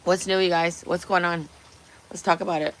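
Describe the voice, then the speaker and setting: A woman's voice: fairly low pitch, steady tone, moderate pace, a little hiss or hum. A woman hosting a casual livestream from her kitchen, chatting bluntly with viewers and swearing freely. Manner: blunt, profane, teasing chat. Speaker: livestream host. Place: home kitchen.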